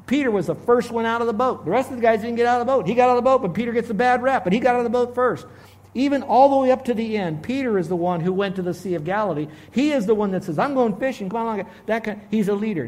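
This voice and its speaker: High-voiced man preaching a sermon. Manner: animated preaching with big swings in loudness; acts out dialogue in slow, drawn-out voices. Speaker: pastor.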